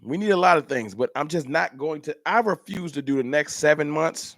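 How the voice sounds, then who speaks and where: A man hosts a casual livestream, talking straight to his viewers. His delivery is animated, and the small room around him sounds dry. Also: fairly high pitch, brisk, no room sound. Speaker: livestream host. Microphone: camera mic.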